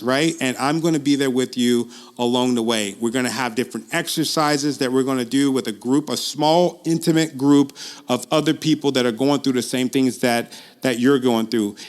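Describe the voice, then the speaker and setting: A man working as a public speaking coach, giving a casual, earnest pitch straight to the viewer, with frequent ums, restarts and repeated phrases, his pace speeding up and slowing down. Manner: uneven pace, speeds up and slows down. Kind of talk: casual direct-to-camera pitch.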